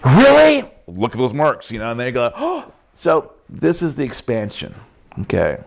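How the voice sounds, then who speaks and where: Gravelly man preaching with stories. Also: mid-range voice, normal speed. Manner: animated storytelling, acts out quotes, laughs often. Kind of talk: sermon with personal stories.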